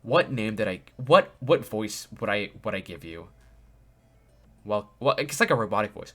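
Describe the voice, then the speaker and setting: A man doing let's play commentary, excitable and loud, often laughing and reading the game's dialogue aloud. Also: on the low side, normal speed, faint music behind. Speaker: gaming video creator.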